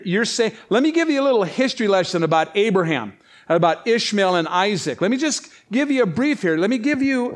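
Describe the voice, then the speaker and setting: A man preaching a conversational sermon, reading scripture aloud and asking rhetorical questions. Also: sits high. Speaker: pastor.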